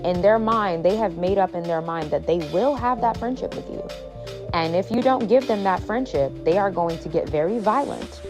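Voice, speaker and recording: A woman speaking in a measured, assertive, lecturing way. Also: medium pitch, over music.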